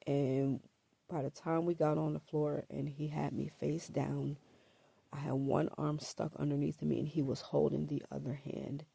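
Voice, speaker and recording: Speaking to camera about her own life, a woman hesitates often, repeats herself, and leans on "um" and "like." Her voice is low-pitched, husky, and gravelly, roughened by allergies, with a slow, flat, mellow, dark delivery. The sound is close and dry, without any room noise.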